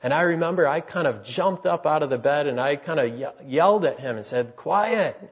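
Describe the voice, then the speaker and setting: A man in his thirties preaching a sermon in an earnest, halting way, with many restarts and fillers. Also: fairly high pitch, breathy edge, muffled recording.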